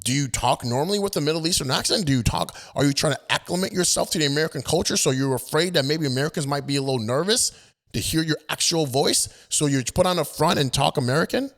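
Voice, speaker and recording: A man's voice: on the high side, lively intonation, fast talker, a bit bright. A man ranting as a political commentator, emphatic and indignant, stumbling into restarts.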